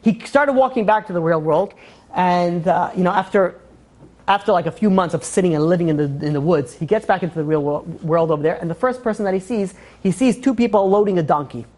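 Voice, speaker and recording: A woman's voice: fairly low pitch, fairly quick. A woman telling a moral story in a casual way during a class, acting out the characters' lines as she goes. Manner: animated retelling, acting out quoted lines with "he's like".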